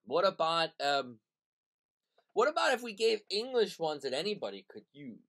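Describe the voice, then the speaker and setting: A man's voice: a little high, big pitch swings, normal speed, fairly bright tone. A man from Pennsylvania, co-hosting a show, trading playful, teasing jokes in casual comedic banter. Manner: playful, teasing, trades jokey insults. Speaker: co-host, resident Pennsylvania Dutchman.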